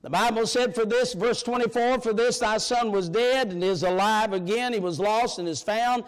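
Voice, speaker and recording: A man preaching a sermon in a church, emphatic and colloquial, rising to shouts. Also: sits high, normal speed, smooth. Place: church sanctuary.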